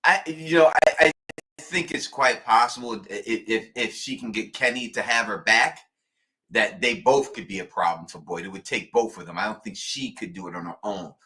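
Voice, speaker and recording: A man co-hosting a show, talking in an animated, emphatic way and repeating his points. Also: fairly low pitch, moderate pace. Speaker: podcast co-host. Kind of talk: casual chat.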